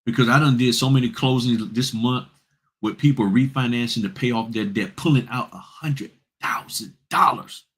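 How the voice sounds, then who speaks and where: A man's voice: mid-range voice, moderate pace, husky. A man hosting a notary business vlog, giving blunt, straight-talking advice and repeating points for emphasis.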